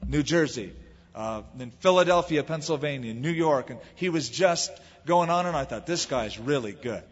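A husky-voiced American man preaching a sermon, with a voice sitting a little high for a man. He tells the story conversationally and leans into the quoted lines. The recording is dull and lo-fi, with a long reverb trailing behind him. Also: lively intonation, normal speed. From United States. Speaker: pastor.

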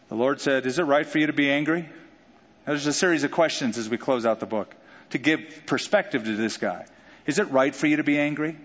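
A man preaching a sermon in an animated way, joking and acting out quotes. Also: fairly high pitch, a little fast. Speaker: pastor. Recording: dull sound with long hall reverb.

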